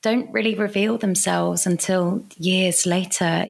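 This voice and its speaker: A woman hosting a podcast, interviewing with a gentle, affirming, soothing manner. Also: on the low side, fairly even intonation, unhurried, vocal fry. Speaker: podcast host.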